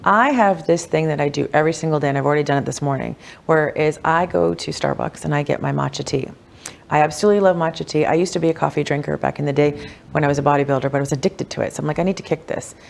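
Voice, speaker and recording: A woman, a wealth coach, telling personal stories in a casual podcast interview, animated and chatty, with lots of "like" and "you know.". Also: fast talker, gravelly. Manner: animated, acts out quoted voices with big pitch jumps.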